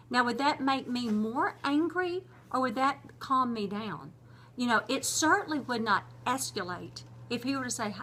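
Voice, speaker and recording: A woman's voice: fairly high pitch, expressive, measured pace, bright, forceful tone, slight background noise. A middle-aged woman, hosting her own vlog and talking about relationships in an earnest, conversational, teaching way. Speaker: host. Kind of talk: casual vlog talk on relationships.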